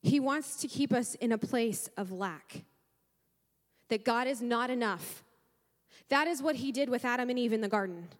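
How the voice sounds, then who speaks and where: A woman pastor delivers a fervent, emotional sermon in a high voice. Her words ring out into a church hall with a long reverb trailing behind them. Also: normal speed. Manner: fervent and emotional, with sighs and repeated praise. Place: church sanctuary.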